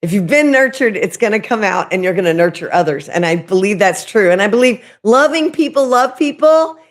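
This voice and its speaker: A woman hosting a casual spiritual livestream, talking loudly and candidly, rambling and restarting her sentences and swearing casually. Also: mid-range voice, expressive, fairly quick. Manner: loud, chatty, rambling with frequent restarts. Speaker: livestream host.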